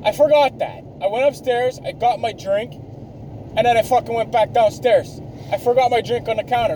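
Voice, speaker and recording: A man's voice: very high-pitched, normal speed, dark tone, a little hiss or hum, rough recording. A man in his thirties hosting a podcast, rambling in a profane, ranting, self-mocking monologue. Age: 30s. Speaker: podcast host.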